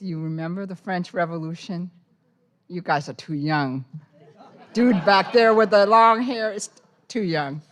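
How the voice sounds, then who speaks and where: In a university poetry center reading room, a woman poet from Hong Kong gives a live reading in a lowish, unhurried voice. Between poems she drops wry, teasing asides.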